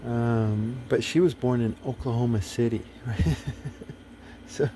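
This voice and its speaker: Speaking a little slowly with a steady, dark tone at medium pitch, a man hosts a video and addresses the camera casually. His talk rambles bluntly, packed with profanity, fillers and restarts, and there's slight background noise.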